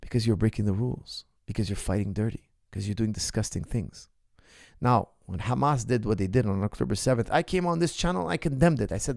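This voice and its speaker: A man's voice: on the low side, fairly quick, vocal fry, a little mellow, no echo, clean studio sound. A man hosting his own ask-me-anything show, arguing his point with passion and firing rhetorical questions at his viewers. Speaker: martial arts coach and show host. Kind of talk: ask-me-anything livestream monologue.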